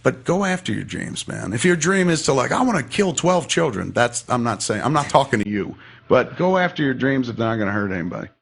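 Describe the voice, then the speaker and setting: A man's voice: medium pitch, very animated, quick pace, gravelly. A man casually telling a personal story as a podcast guest, profane and rambling but heartfelt.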